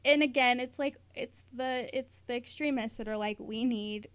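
A chatty American woman talking through history on a casual podcast, her voice on the higher side. She rambles with fillers and quick laughs. The sound is dry and close, with no room around it. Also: a bit bright, smooth, dry recording. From United States. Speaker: podcast co-host. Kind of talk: casual chat.

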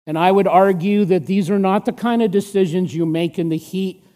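A man preaching a sermon, emphatic and asking the listeners rhetorical questions, sometimes dropping to a hush for stress. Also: high voice, moderate pace.

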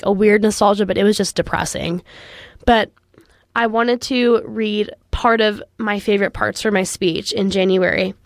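The youth radio host, a woman in her late teens, speaks at medium pitch in a dry, studio-quality recording. Her personal commentary is impassioned, earnest, and frustrated, and "like" comes up constantly.

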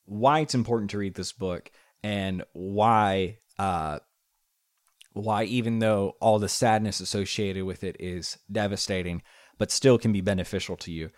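A man co-hosting a casual podcast, talking earnestly and often pausing with fillers and restarts. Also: low voice, no echo, studio quality. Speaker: podcast co-host.

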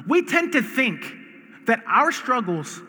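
A man from the United States preaching a sermon as pastor, earnest and emphatic, often repeating words and rising to shouts. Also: extremely high pitch, big pitch swings, slow pace. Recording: long reverb of a large hall.

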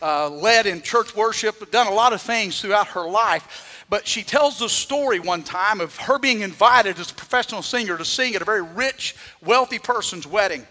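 A man's voice: high voice, expressive, moderate pace, bright, forceful tone, in a large hall. A man preaching a sermon as pastor, dramatically acting out the voices he quotes, in a church.

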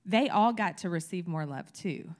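A woman's voice: fairly low pitch, animated, normal speed, darkish tone. A woman teaching a church congregation in a candid, conversational sermon style, getting emphatic as her energy builds.

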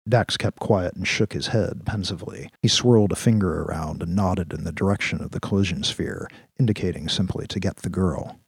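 A male narrator reading a science-fiction audio drama in a steady, measured storytelling voice. His tone is deep and husky, recorded dry and close. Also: dry recording.

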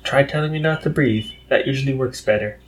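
A man's voice: mid-range voice, brisk, slight background noise, close to an everyday voice. A man voicing a wry, sarcastic male military colonel with a dry, teasing delivery.

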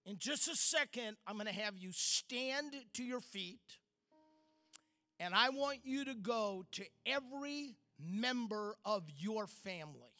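High, bright-voiced man preaching slowly. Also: animated, faint music behind. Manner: storytelling, dramatic pauses, swings from loud to hushed. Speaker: speaker. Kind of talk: sermon.

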